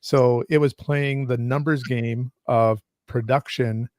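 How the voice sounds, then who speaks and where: Male co-host, mid-pitched, thoughtful explainer, dry recording. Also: fairly even intonation, slow, a little mellow, dry recording. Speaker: podcast co-host. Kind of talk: casual chat.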